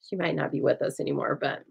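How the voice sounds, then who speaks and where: Woman craft-demo host, low-pitched and soothing, chatty with a deadpan streak, recorded on a phone. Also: vocal fry, breathy edge, poor audio. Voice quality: calm, soothing voice. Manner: chatty, laughs often, dry deadpan humor. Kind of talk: casual chat during a craft demo.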